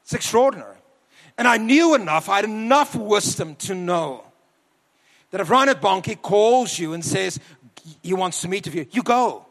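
A man preaching a sermon to a church, telling a personal story and slowing down for emphasis. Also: sits high, lively intonation, a bit bright, in a large hall. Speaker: preacher, university leader.

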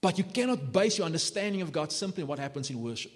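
A man preaching a sermon as pastor, passionate and animated, building to emphatic peaks. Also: fairly high pitch, fast. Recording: long hall reverb.

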